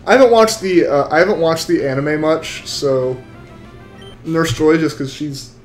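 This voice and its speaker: A man's voice: a little high, measured pace, roomy sound, faint music behind. A young man live-streaming a game, chatting with viewers in a rambling, casual way. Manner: rambling, chatty, full of restarts. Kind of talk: live-stream chat while shiny hunting.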